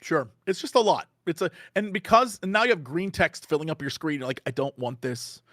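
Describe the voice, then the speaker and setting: A man, a podcast guest, chatting casually and telling animated stories, acting out quotes and laughing often mid-sentence. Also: high voice, a little fast, no room sound, studio quality.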